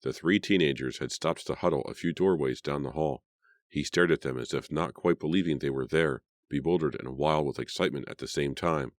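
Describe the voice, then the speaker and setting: A man narrating a horror novel as an audiobook, in a dramatic, measured reading. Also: very deep voice, no echo, clean studio sound.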